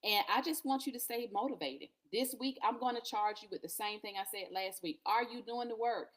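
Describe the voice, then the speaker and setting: A woman's voice: fairly high pitch, brisk. A woman hosting a live show, talking earnestly and encouragingly about faith and purpose, repeating phrases and laughing now and then. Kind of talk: motivational faith talk. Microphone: podcast or livestream mic.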